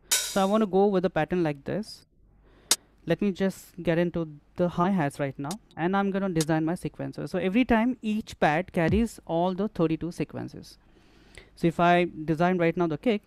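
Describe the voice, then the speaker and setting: A man's voice: fairly high pitch, noisy background. A man demonstrating music production gear in a tutorial, explaining step by step and often repeating phrases as he works. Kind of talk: hands-on software tutorial.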